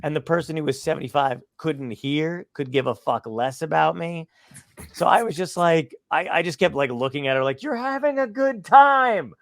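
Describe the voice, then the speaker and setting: A man and podcast guest telling casual stories, swearing and animated as he tells them. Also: fairly high pitch, normal speed, gravelly, dry recording, clean studio sound. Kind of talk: casual storytelling.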